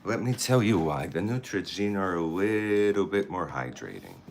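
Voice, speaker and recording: A man's voice: low-pitched, big pitch swings, moderate pace, vocal fry, slight background noise. A man vlogging a get-ready-with-me routine, chatting in a campy, playful way. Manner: chatty, campy, talks to the camera and people nearby. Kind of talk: casual get-ready-with-me chat.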